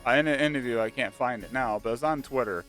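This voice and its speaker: A man chatting casually and excitedly about a video game, rambling with lots of fillers. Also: mid-range voice, fast. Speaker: gaming channel host. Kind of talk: casual speculative chat. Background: faint background music.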